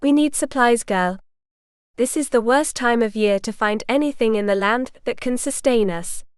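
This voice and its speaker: A woman voicing a calm, seasoned male mercenary knight, speaking steadily and gently in a smooth voice. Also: on the high side, normal speed, no room sound, clean studio sound, close to an everyday voice. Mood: steady.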